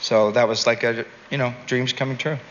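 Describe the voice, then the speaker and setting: A Canadian man in an interview, telling a rambling, animated story and laughing at his own jokes. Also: mid-range voice, moderate pace. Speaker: entertainer and guest. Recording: dull recording with long reverb, faint noise.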